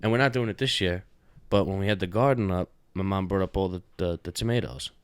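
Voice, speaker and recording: A man's voice: deep voice, quick pace, smooth, no room sound. A young man co-hosting a podcast, chatting casually, rambling with lots of filler words and swearing. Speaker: podcast co-host. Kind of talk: casual chat.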